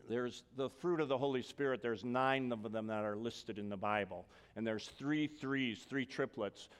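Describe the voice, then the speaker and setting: A man's voice: medium pitch, smooth. Male pastor preaching in a reverberant church. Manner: lively, conversational preaching, dropping to a hushed tone for scripture and prayer. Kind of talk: sermon. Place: church sanctuary.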